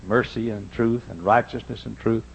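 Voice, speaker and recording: An older man preaching a sermon in church, telling personal stories and swinging between loud emphasis and hushed asides. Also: fairly low pitch, fairly even intonation, moderate pace, vocal fry, highs cut off, a little hiss or hum. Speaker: pastor. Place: church sanctuary.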